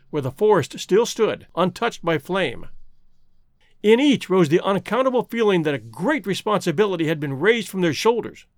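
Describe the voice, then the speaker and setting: A man reading an adventure story aloud as an audiobook narrator, with dramatic, expressive delivery. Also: sits high, no room sound, studio quality. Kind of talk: scripted narration.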